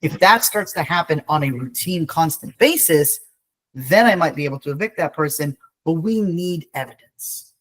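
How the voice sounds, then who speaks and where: A man's voice: a little high, lively intonation, normal speed, fairly bright tone, low-quality recording. A man, an eviction attorney, speaking on a video call in a blunt, wry, conversational way during a training webinar.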